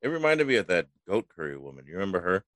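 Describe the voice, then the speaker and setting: A man's voice: sits low, very animated, racing, fairly bright tone, no echo. A man hosting a podcast in casual chat, easygoing and chuckling often. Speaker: podcast host.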